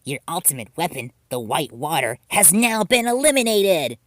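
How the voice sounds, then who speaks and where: A shrill, melodramatic young girl, voiced by a man, pitched very high and swinging wildly, theatrical. Close, dry sound. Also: big pitch swings, moderate pace, a bit bright, dry recording. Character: excitable girl, melodramatic dark servant.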